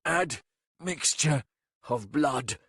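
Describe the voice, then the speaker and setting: A man putting on a rasping, frightened warlock. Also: mid-range voice, expressive, drawn-out words, fairly bright tone, dry recording, studio quality, pitched above the performer's own voice, heavily acted. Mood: urgent, hoarse. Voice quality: rough hiss.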